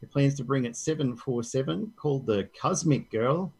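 A man co-hosting a tech news podcast, reading stories aloud and dropping jokes between them. His voice has a gravelly edge and a husky, slightly breathy texture. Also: medium pitch, expressive, normal speed, a little mellow, low-quality recording. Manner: reads news articles aloud, joking. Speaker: podcast co-host. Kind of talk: casual tech news chat.

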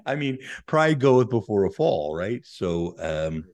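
On a relaxed podcast about faith, this Catholic priest in middle age works through his ideas slowly. His somewhat low, darkish voice has a sing-song lilt, and he gives imagined inner voices their own performances to illustrate points.

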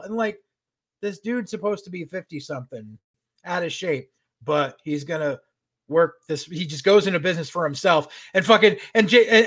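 A podcast co-host with a high-sitting voice recaps a show in casual conversation at a normal pace. He's animated, swears constantly, and acts out what the characters said.

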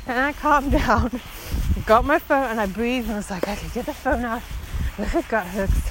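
A woman, a long-distance hiker, telling a story about her hike with a lot of emotion and many fillers. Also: on the high side. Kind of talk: personal storytelling recording. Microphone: phone. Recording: phone recording with clear background noise outdoors.

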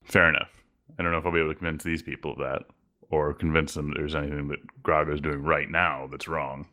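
A man's voice: rumbling low, little pitch movement, fast, bright, forceful tone. A man playing a tabletop game, chatting and joking in character. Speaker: player. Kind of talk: casual in-character tabletop play.

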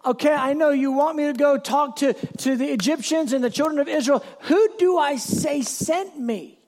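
Guy doing a nervous leader asking for guidance, high, gravelly. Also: normal speed, darkish tone. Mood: pleading. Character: hesitant adult male leader pleading for guidance.

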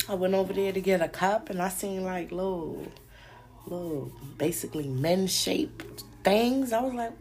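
A woman's voice: mid-range voice, lively intonation, normal speed, darkish tone. Slangy, profane New woman. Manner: slangy, profane, acts out quoted voices. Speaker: podcast host. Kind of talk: casual storytelling chat.

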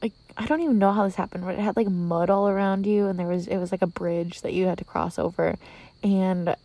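Young woman, from Minnesota, casual vlog storytelling, giggly, filler-heavy, gravelly, close dry sound. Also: mid-range voice, fairly even intonation, brisk, warm tone, no room sound. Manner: chatty, giggly, lots of "like" and "um". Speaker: vlogger. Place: inside a tent outdoors at night. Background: crickets.

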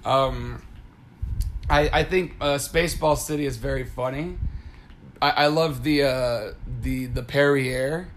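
A man's voice: mid-range voice, fairly even intonation, slow, a bit bright, a little hiss or hum. A man chatting casually as a co-host, rambling with stammered restarts and frequent laughter. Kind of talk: casual chat.

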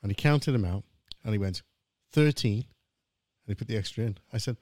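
A man's voice: on the low side, quick pace, darkish tone, no echo. A middle-aged man hosting a podcast, joking around and telling dad jokes in casual banter. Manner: jokey, tells dad jokes with voiced punchlines. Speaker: podcast host.

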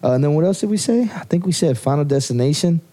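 A man's voice: on the high side, expressive, fast talker, warm tone. A man co-hosting a podcast in casual, rambling chat, swearing freely. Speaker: podcast co-host.

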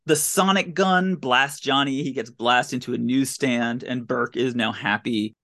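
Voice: mid-range voice, a little slow, a bit bright. Sarcastic podcast host recapping a movie. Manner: incredulous, sarcastic running commentary. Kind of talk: casual comedic movie recap.

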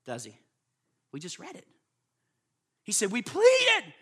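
A man's voice: a little high, wildly swooping pitch, unhurried, a bit bright, breathy edge. A man preaching a sermon to a room of pastors, emphatic and constantly checking in with his listeners. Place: live before a room of listeners.

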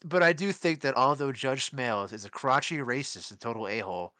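Bright, forceful man ranting sardonically. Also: medium pitch, fairly quick, no room sound. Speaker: podcast co-host. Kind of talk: casual podcast chat.

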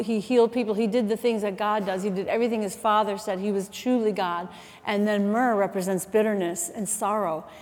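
A middle-aged woman preaching a sermon, chatty and animated, telling stories with asides and quick self-corrections. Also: medium pitch, big-room sound. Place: church auditorium.

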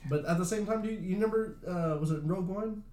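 A young man talks fast in a loose, rambling way, full of fillers and swearing. His voice sits a little high. The room adds a noticeable echo. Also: a little mellow. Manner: rambling, swears a lot, says "like" often. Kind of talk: casual chat. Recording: roomy echo.

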